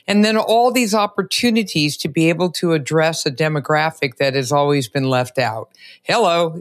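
A woman's voice: sits low, no room sound, clean studio sound. A middle-aged woman hosting a podcast interview, talking with energy and emphasis. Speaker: podcast host. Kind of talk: enthusiastic interview chat.

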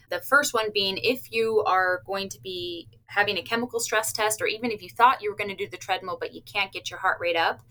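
A cardiac stress test staff member, she answers an interviewer's questions in a cheerful, plain way, punctuated by little laughs and playful quotes from patients. Her mid-range voice carries a bright, forceful tone.

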